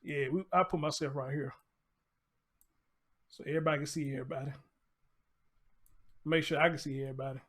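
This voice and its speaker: A man's voice: on the high side, fairly even intonation, fairly quick, pauses often, a bit bright. A man hosting a live stream, commenting bluntly and profanely in a rambling, casual way. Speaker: show host.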